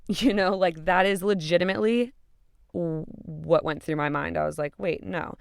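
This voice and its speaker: Young woman with a gravelly, smooth voice. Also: lowish voice, normal speed. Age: young adult. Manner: candid, emphatic, swears freely. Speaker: podcast host. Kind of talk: confessional storytelling.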